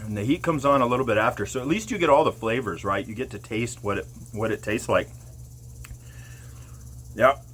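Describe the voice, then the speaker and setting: A man vlogging casually to the camera while his mouth burns, eyes watering and nose running, talking slowly and breaking into loud whoops. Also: medium pitch, husky.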